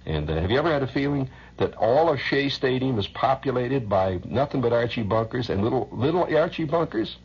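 A man's voice: mid-range voice, animated, fairly quick, vocal fry, hardly any pauses, a little mellow, breathy edge, lo-fi sound. A man hosting a radio show, rambling through a loose monologue, chuckling often and humming nonsense syllables. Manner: rambling, chuckling, hums sing-song nonsense. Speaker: radio host.

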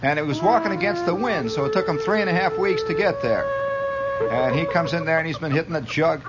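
A middle-aged man telling rambling comic stories on the radio, chuckling often and jumping into high mock shouts. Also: brisk, over loud music, rough recording. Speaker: radio monologist.

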